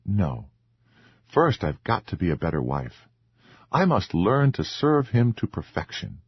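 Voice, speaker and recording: A man voicing a meek, earnest young wife with a soft, pleading, formal way of speaking. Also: low-pitched, wildly swooping pitch, measured pace, breathy edge, no echo, lo-fi sound, heavily acted.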